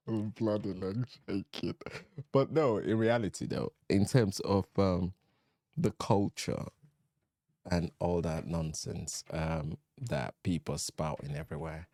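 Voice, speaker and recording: A man's voice: sits low, slow, warm tone, dry recording, clean studio sound. A man giving casual reaction commentary, laughing often and musing on what he just watched. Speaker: reaction video host.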